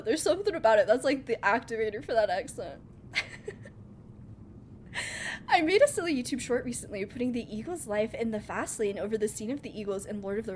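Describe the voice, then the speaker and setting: Jokey woman streamer chatting over gameplay, kinda high voice, game noise clearly in the background. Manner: playful, jokey, laughs often. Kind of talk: casual live gameplay chat. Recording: game sounds audible behind voice.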